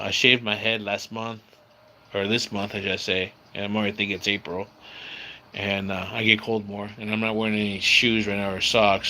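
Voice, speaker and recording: A San Diego man hosts a casual livestream from home near a screen door, chatting with viewers in a laid-back way and calling everyone bro and dude. His voice sits on the low side and sounds pushed and bright, with a little hiss or hum.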